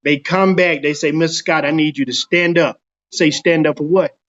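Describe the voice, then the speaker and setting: A middle-aged man recounts his own experience in a casual interview, slipping into the voices of others as he tells it. His voice sits high for a man. The recording sounds a little dull. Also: moderate pace. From Dallas, Texas. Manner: animated storyteller acting out quoted dialogue. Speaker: guest telling his own story.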